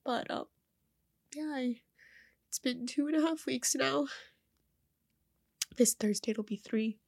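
A young woman speaking in a personal vlog while crying. Her nose is stuffy, and she talks haltingly, often repeating words. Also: high-pitched, creaky, a little mellow, dry recording, clean studio sound.

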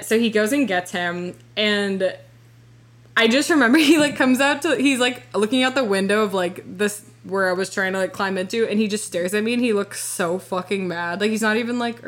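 A woman's voice: medium pitch, a bit bright. A woman in her twenties telling a personal story on a podcast, rambling and filling her talk with "like" and swearing. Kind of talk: casual storytelling.

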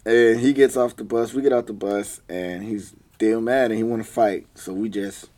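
A man's voice: fairly low pitch, fairly even intonation, normal speed, mellow. A young man telling childhood stories in a casual, slangy way, often laughing as he goes. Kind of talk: casual storytelling.

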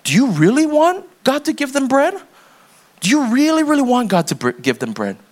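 A man's voice: extremely high pitch, huge pitch swings, moderate pace. A man preaching a sermon as pastor, talking casually and pressing the congregation with repeated questions. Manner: conversational, acts out little scenes with quoted voices.

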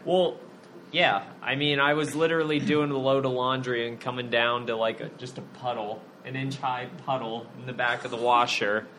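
Opinionated podcast dude, blunt, laughs a lot, bright voice, light hiss behind. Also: male voice, medium pitch, little pitch movement, normal speed. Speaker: podcast co-host. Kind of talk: casual podcast chat.

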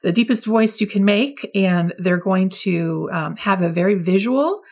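A woman's voice: mid-range voice, a little slow. A woman early childhood educator explaining classroom methods to other teachers in a friendly, instructive way. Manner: friendly, demonstrates voice levels with lively examples. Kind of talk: teacher training talk.

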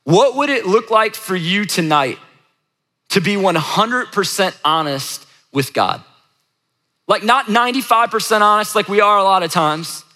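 Bright-voiced man preaching in a hall. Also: sits high, lively intonation, measured pace. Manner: conversational, emphatic repetition. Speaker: pastor. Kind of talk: sermon. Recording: echoey hall reverb.

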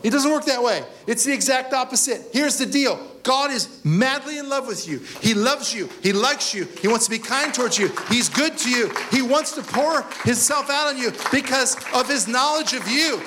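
A man, a pastor, preaching a sermon at a church service in a conversational, animated way, often asking the congregation questions. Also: very high-pitched, moderate pace, hardly any pauses, a little hiss or hum.

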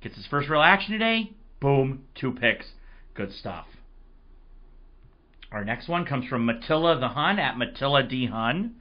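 A man hosting a casual sports podcast, his voice hoarse, telling rambling, excitable stories. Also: medium pitch, a little slow, highs cut off. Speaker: podcast host.

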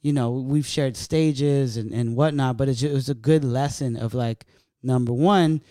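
A man telling a story in a casual podcast chat, animated and profane, acting out what people said. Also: mid-range voice, normal speed, dry recording, studio quality. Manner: profane, animated, acts out quotes.

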